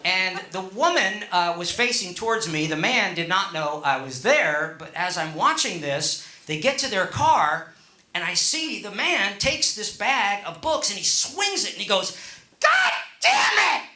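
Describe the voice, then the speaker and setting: High, bright-voiced middle-aged man telling a stand-up story. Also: animated, measured pace, roomy sound, a little hiss or hum. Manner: rambling and chuckling, with many fillers. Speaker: stand-up comedian.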